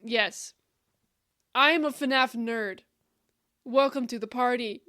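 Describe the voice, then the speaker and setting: A woman hosting a live stream, talking casually to her chat in a fairly high voice. She giggles often and her talk is effusive and emotional, at an unhurried pace. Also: sharp tone. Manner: giggly, often laughing, calls viewers "bro".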